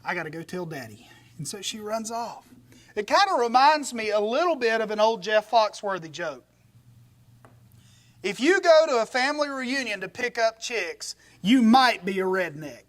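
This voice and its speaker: A man's voice: extremely high pitch, lively intonation, normal speed, a bit bright. A man preaching a conversational sermon, retelling a story with animation and folksy humorous asides. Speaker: pastor.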